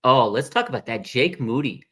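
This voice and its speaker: A man in his thirties hosting a live fan stream, chatting casually in animated, slangy, rambling banter. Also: medium pitch, moderate pace, breathy edge. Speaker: fan show livestream host.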